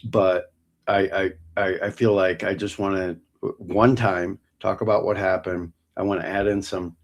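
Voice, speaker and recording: A middle-aged man hosting his own show, talking casually and haltingly with many ums and restarts. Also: low voice, steady tone. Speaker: podcast host. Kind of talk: casual solo talk.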